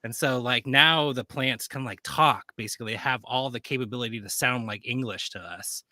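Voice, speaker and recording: Bright-voiced chatty man. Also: medium pitch, moderate pace, dry recording. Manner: rambling, many fillers and self-corrections. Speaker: guest. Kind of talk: casual chat.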